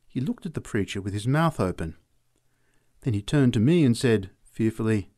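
A man narrating short stories aloud in an expressive reading voice. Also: on the low side, normal speed. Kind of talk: story reading.

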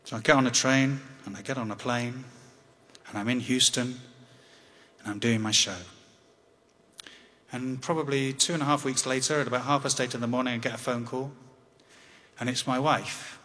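An English man in his fifties telling a personal story on stage in a wry, conversational way with halting restarts. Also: medium pitch, steady tone, sharp tone. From England. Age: 50s. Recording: long hall reverb.

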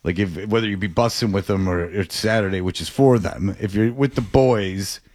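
A man's voice: on the low side, normal speed, darkish tone, dry recording. A man co-hosting a podcast, chatting casually with jokey, rambling asides and restarts. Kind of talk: casual chat.

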